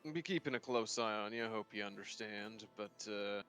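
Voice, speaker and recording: A man's voice: on the low side, brisk, a bit bright, faint music behind, natural voice. A man voicing a weary, grizzled father character who drawls and hesitates, in an online tabletop game. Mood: earnest. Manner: drawling, hesitant, full of "well" and "uh". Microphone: voice chat microphone.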